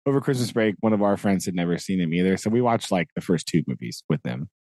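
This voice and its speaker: Lively, joking man with low voice. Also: fast, no echo. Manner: animated and joking, nerdy asides. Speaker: podcast co-host. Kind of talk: casual chat.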